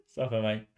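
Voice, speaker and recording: A man streaming alone, rambling and answering himself back and forth, dropping "mate" and laughing often. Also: a little mellow. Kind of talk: rambling solo livestream talk.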